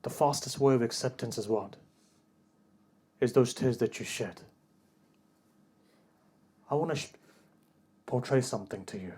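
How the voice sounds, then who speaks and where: A man giving a religious sermon, moving from soft storytelling to a loud, grieving, high-pitched recitation. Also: measured pace, pauses often, husky. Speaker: preacher. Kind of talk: Muharram sermon, rising to impassioned chanting.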